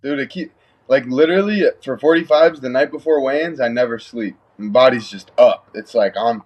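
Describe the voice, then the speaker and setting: A man's voice: medium pitch, normal speed, darkish tone, dull audio. A young man guesting in a casual chat, laid-back and slangy, laughing easily. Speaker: guest fighter.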